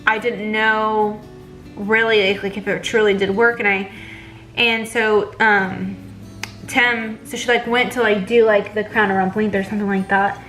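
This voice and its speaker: A woman's voice: mid-range voice, level tone, unhurried, a bit bright, faint music behind, low-quality recording. A young pregnant woman, chatting casually in a vlog and retelling a bad appointment with lots of fillers. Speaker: vlogger.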